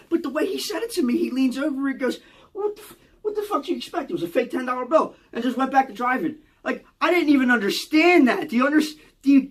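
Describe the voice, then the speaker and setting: Fast-talking Philly man telling stories. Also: high voice, a bit bright. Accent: Philadelphia. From Philadelphia. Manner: rambling, profane, keeps adding "you know what I mean" and "okay?". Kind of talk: storytime monologue.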